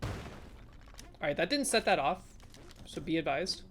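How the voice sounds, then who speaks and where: A woman's voice: low voice, lively intonation, slow pace, slight background noise. A woman streamer giving casual live commentary on a game, chatty and talking to her viewers, with sudden startled exclamations. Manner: chatty, talks to chat, jumpy exclamations.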